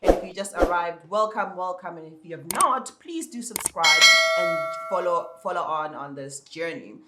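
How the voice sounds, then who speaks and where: A man with an African accent and a high, soprano-like voice talks straight to his viewers. He gives casual advice as an ESL teacher, restarting and repeating words as he goes. The room around him is echoey. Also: normal speed, very noisy.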